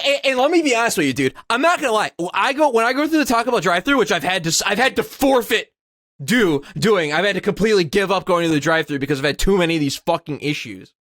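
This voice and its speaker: A man co-hosting a comedy podcast, ranting with heavy profanity and lurching between flat grumbles and shrill mocking voices. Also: no room sound, clean studio sound. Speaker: podcast co-host. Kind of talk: casual comedic rant.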